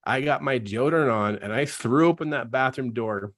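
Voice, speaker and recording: A man's voice: medium pitch, normal speed, a bit bright. Earnest middle-aged man telling his story. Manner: earnest and emotional, laughing at himself. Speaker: coach. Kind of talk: personal testimony in a live online talk.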